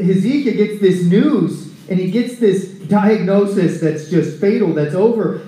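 A man preaching a conversational sermon at a recovery ministry, telling scripture stories in an animated way. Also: sits high. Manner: animated storytelling, acting out scripture scenes. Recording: echoey room.

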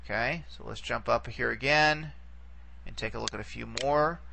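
A man's voice: mid-range voice, normal speed, creaky, sharp tone. A man teaching a recorded lesson, explaining patiently step by step and checking in often. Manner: patient, explains step by step with frequent "okay" and "all right".

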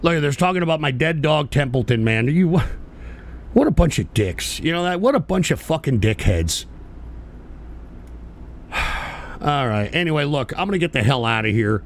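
A man's voice: on the high side, big pitch swings, normal speed, pauses often, slight background noise. A man hosting a livestream, ranting in a profane, exasperated way and stumbling over restarts. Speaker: livestream host. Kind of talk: angry livestream rant.

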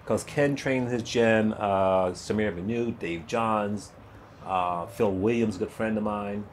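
A man in his sixties, a guest in an interview, telling his life story in a lively way, acting out other people's voices and laughing often. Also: lowish voice, takes it slowly, a little hiss or hum. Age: 60s. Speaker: guest, retired bodybuilder.

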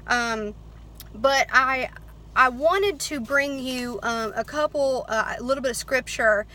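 Bright-voiced woman giving earnest encouragement. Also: high voice, slow pace, low-quality recording. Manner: earnest, encouraging, many fillers and restarts; reads scripture aloud. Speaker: Christian vlogger. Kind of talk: casual devotional talk.

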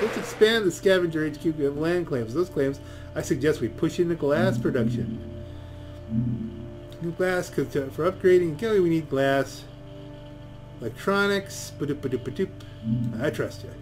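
A man's voice: a little high, lively intonation, normal speed, pauses often, over music. A man giving casual gameplay commentary, reading in-game dialogue aloud and muttering asides to himself. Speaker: let's play gamer.

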